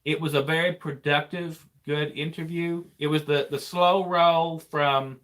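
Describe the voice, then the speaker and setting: Bright-voiced rambling trucker host. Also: male voice, on the high side, fairly even intonation, measured pace. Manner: rambling, repeats himself. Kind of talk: casual live chat.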